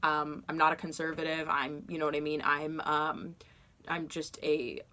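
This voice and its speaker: A woman telling a long story from her dream journal in a casual, rambling way, full of "like" and "you know," and getting animated as she goes. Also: normal speed. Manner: animated, gets loud and high when retelling confrontations.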